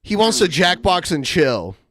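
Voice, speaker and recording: Man, podcast co-host, mocking tone, reading messages aloud, slightly high voice, dry close mic. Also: sing-song, measured pace, a bit bright, no room sound. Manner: mocking, amused narration of cringe messages.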